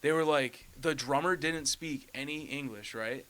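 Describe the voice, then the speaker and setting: A man's voice: a little high, moderate pace, a bit bright. A young man, a band member, chatting casually on a podcast and telling a rambling story, full of "like" and "dude".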